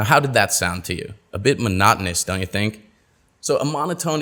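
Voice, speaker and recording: A man teaching pronunciation in a webinar, reading out example words with deliberate, exaggerated word stress. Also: on the low side, a bit bright. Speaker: pronunciation coach. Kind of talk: webinar lesson.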